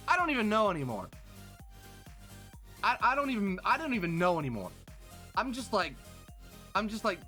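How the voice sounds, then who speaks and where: A man live streaming, telling a rambling story in a casual, animated way to his chat. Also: high-pitched, moderate pace, pauses often, faint music behind. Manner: animated, rambling, full of restarts and fillers.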